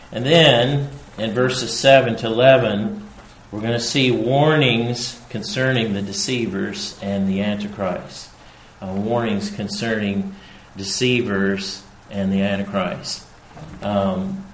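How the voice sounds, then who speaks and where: A man preaching a sermon, slow and emphatic, repeating his key phrases. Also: lowish voice, fairly bright tone, a little hiss or hum. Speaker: pastor. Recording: echoey room with faint ambience.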